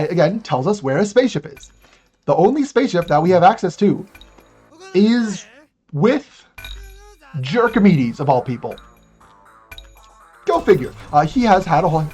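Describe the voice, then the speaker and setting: Over faint, quiet game music, a chatty speedrunner at medium pitch commentates on a live run, joking about the game's rules and plot as he makes moves. His delivery rambles and restarts in a casual way.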